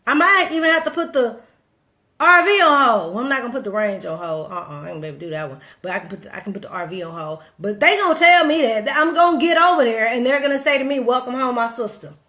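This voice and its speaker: Fast-talking and fairly high-pitched, a Southern American woman vlogger offers casual motivation on a livestream. She's animated and a bit preachy, addressing viewers directly and reading their comments.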